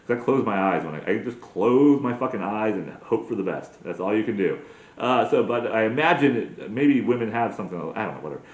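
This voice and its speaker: A man's voice: fairly low pitch, expressive, fairly quick, reverberant, highs cut off. A man in his forties doing a crude, self-mocking comedic monologue as a podcast host, full of profane rants. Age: 40s.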